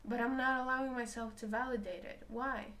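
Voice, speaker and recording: In a personal, reflective talk, a woman who works as a spiritual reader opens up emotionally about how she feels and second-guesses herself along the way. She speaks briskly in a steady, somewhat bright voice on the high side.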